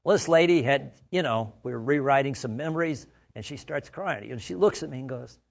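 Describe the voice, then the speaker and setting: A man's voice: medium pitch, animated, a little fast, creaky, few pauses. A man from the United States giving a conversational training talk, full of stories and frequent "right?" checks. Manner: anecdotal, conversational, asks "right?" often. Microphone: studio mic.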